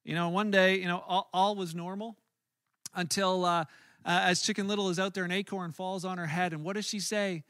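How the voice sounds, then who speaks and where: A man's voice: sits high, level tone, brisk, fairly bright tone, clear, resonant tone, no room sound, clean studio sound. A man preaching a sermon in an earnest, conversational way, often restarting his words. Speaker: pastor.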